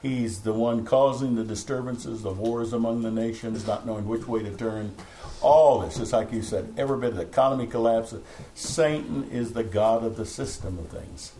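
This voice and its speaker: A man's voice: mid-range voice, normal speed, hardly any pauses, dark tone, rough recording. A middle-aged man preaching a fervent, rambling sermon to a small home church, breaking into laughs. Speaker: pastor. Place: home meeting room.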